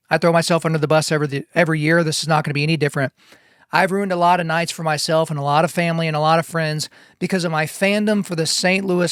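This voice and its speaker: Man in his 40s, podcast host, motivational monologue, emphatic and preachy, slightly higher voice, dry studio sound. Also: fairly bright tone, smooth, dry recording. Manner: emphatic and preachy, repeats key phrases. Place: home studio.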